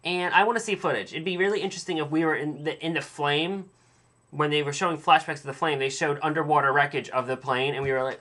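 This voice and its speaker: A man's voice: a little high, fairly even intonation, fast talker, bright, forceful tone. A man hosting a casual solo podcast, recapping a TV episode in a chatty, opinionated, rambling way with many fillers and restarts. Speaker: podcast host reviewing a TV episode.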